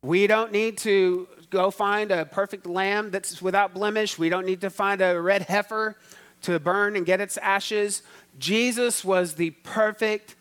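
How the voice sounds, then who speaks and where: A man's voice: high-pitched, a bit bright, clear, resonant tone. A male pastor preaching a sermon, teaching emphatically, repeating key words and asking the congregation to answer back.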